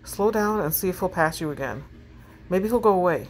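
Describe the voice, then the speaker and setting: A woman's voice: fairly low pitch, animated, slight background noise, natural voice, rough recording. A woman reading the messages of a worried young friend, asking anxious questions. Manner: anxious questions, quick replies.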